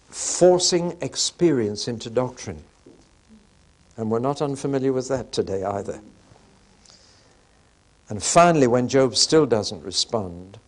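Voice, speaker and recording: An older male Bible teacher speaks at an even middle pitch. He talks to his listeners in a relaxed, conversational way and lifts his voice when he acts out the people he quotes. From England. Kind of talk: sermon-style Bible teaching.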